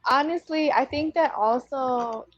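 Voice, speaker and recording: A woman's voice: high-pitched, a little slow, no room sound. A woman from Puerto Rico, a guest on an interview, talking casually and hesitantly with many fillers. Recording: dull, muffled sound.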